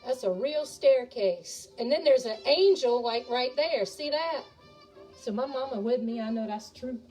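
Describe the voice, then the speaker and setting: Folksy woman cooking, higher voice. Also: expressive, unhurried, darkish tone. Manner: folksy, talks to viewers as y'all. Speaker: home cook and ghost tour guide. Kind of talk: chatty cooking video. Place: home kitchen. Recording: distant mic, music playing behind.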